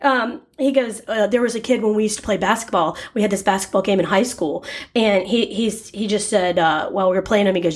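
A woman in her forties co-hosting a chatty show, telling stories and acting out everyone's quotes with lively energy. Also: mid-range voice, brisk. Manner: animated storyteller, acts out quotes. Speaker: radio co-host. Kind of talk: casual chat with a read ad.

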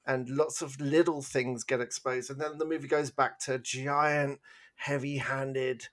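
A man's voice: mid-range voice, flat delivery, measured pace, fairly bright tone. A man co-hosts a casual film podcast and talks things through in a loose, rambling way. He often laughs at himself and sometimes hums a tune or mimics a line mid-sentence. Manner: rambling, self-deprecating, with sung and mimicked bits. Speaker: podcast co-host. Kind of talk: casual film review chat.

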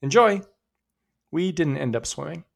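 A man's voice: mid-range voice, moderate pace. A man hosting a podcast, telling stories in a conversational, upbeat way. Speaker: podcast host. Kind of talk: scripted podcast narration.

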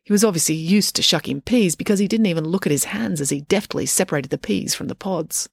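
A woman's voice: fairly low pitch, fast, gravelly, breathy edge, no room sound, studio quality. Woman reading a children's story aloud. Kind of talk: storybook read-aloud narration.

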